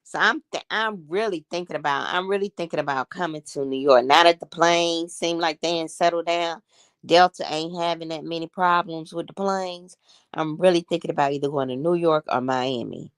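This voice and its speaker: A woman's voice: low voice, moderate pace, clear, resonant tone, dry recording, studio quality. A woman in her sixties hosting a casual livestream chat, gossiping and talking to her viewers as y'all. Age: 60s. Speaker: livestream host.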